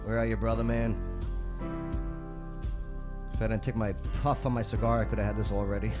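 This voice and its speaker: A man's voice: on the low side, level tone, a little fast. Talk show host, male, casual and jokey, faint music bed. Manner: loose, chatty, jokey with cohost.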